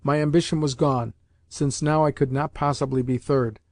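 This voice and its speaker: A man's voice: mid-range voice, fairly even intonation, moderate pace, no room sound. Male narrator, dry, close storytelling. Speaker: audiobook narrator. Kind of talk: scripted narration.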